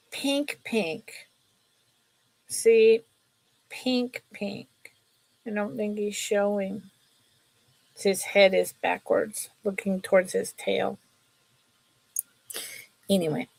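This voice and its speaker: A woman's voice: mid-range voice, vocal fry, fairly bright tone, no room sound. A woman hosting a casual live sale from her table, chatty and rambling, laughing often as she shows items. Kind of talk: casual live selling stream.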